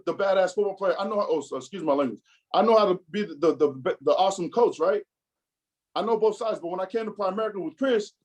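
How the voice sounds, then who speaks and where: A man in his thirties giving an animated motivational talk, acting out quotes as he tells his story. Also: sits high, rough recording. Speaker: business speaker.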